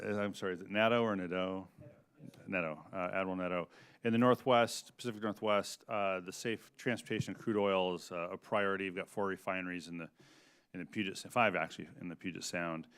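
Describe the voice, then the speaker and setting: Deep, clear-voiced congressman questioning witnesses. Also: fairly bright tone. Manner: halting, many fillers and restarts, folksy. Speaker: congressman questioning a hearing panel. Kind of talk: committee hearing questioning. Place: hearing room.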